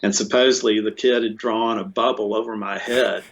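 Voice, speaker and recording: Man, interview guest, casual rambling storytelling, frequent restarts, slightly low voice, muffled audio. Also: normal speed. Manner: rambling, animated, many restarts and fillers.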